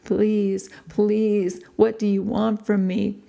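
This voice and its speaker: A woman's voice: medium pitch, level tone, slow, vocal fry, warm tone. A woman voicing a terrified young woman in an audiobook, pleading desperately for mercy.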